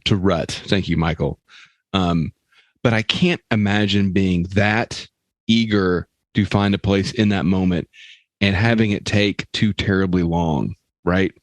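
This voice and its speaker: A man co-hosting a comedy podcast, asking wry questions in a halting way with frequent restarts. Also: deep voice, dry recording. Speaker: podcast co-host. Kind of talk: casual comedic chat.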